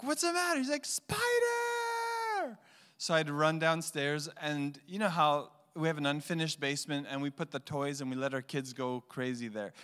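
Animated pastor in a reverberant hall. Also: male voice, a little high, clear, resonant tone. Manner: animated storyteller acting out voices. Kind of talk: sermon with storytelling.

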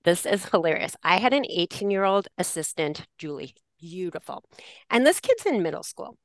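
A woman's voice: fairly low pitch, very animated, moderate pace, no echo. A woman teacher telling a classroom story in a podcast conversation, acting out the lines she quotes and laughing often. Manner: laughs often while talking. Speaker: special education teacher.

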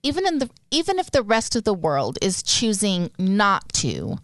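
Earnest, smooth-voiced woman podcast co-host. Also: medium pitch, wildly swooping pitch, normal speed, a bit bright, dry recording. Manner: reflective, earnest, talks in long winding sentences. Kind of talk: casual chat.

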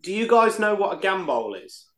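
A man's voice: high-pitched, very animated, moderate pace. A man chatting on a podcast, playfully quizzing the others with a question. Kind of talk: casual chat.

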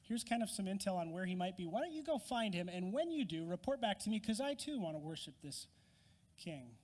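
A man's voice: sits high, sing-song, slow pace, a little mellow, slightly rough, full character voice. A man voicing a sly, threatened male tyrant king in a mock-innocent, scheming way, with long hall reverb behind him.

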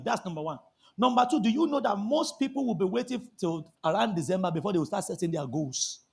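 A man, preaching a sermon with shouted bursts and drawn-out emphasis. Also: high-pitched, vocal fry, husky. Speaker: pastor.

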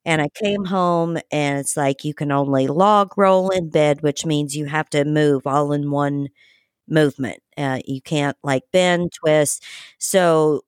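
Woman podcast host, low voice, frank and chatty, dry close sound. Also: slow pace, smooth, dry recording. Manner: frank and chatty, swears casually. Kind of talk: casual podcast chat.

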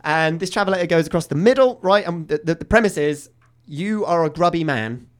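A comedian telling animated anecdotes as a guest in a radio studio. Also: male voice, a little high, brisk. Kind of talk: storytelling on a radio chat show.

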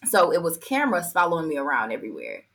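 A woman guest in casual chat, telling a story with quick exclamations. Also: sits low, wildly swooping pitch, fairly bright tone. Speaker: guest, card game creator.

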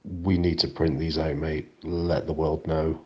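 A man in improvised comic chat, delivering absurd claims in a deadpan, matter-of-fact way. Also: extremely low pitch, measured pace, slightly rough, dull audio.

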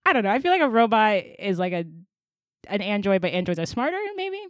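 A woman co-host retells a story in an animated, casual way, slipping into slang and laughing as she goes. Her voice is mid-pitched for a woman. The recording is dry and close. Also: quick pace, no echo. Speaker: podcast co-host. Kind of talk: casual chat, summarizing a story.

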